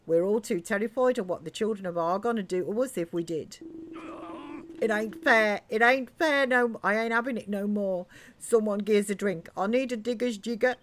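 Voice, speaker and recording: A man's voice: high-pitched, normal speed, fairly bright tone, slight background noise, voice pushed up. A woman voicing a sentimental male miner in a put-on Cockney accent, lamenting dramatically. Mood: aggrieved. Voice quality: sing-song, over-the-top lamenting.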